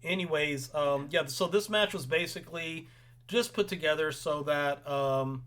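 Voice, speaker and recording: A man's voice: a little high, a little slow, a bit bright. A young man hosting a casual wrestling recap, opinionated and rambling with frequent ums. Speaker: podcast host.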